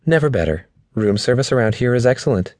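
A man voicing a gentle, wry elderly mother in a hospital bed, speaking fondly to her son. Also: medium pitch, lively intonation, quick pace, no room sound, clean studio sound, voice pushed up, close to an everyday voice.

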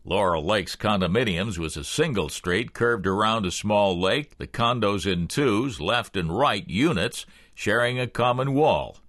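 A man narrating a thriller audiobook in the first person with expressive storytelling. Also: lowish voice, a little slow, hardly any pauses, no room sound, studio quality.

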